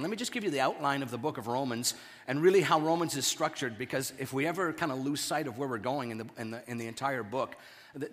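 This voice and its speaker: A male pastor with a hoarse throat, preaching a conversational sermon and often clearing his throat. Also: medium pitch, fairly bright tone. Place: church sanctuary. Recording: reverberant church hall.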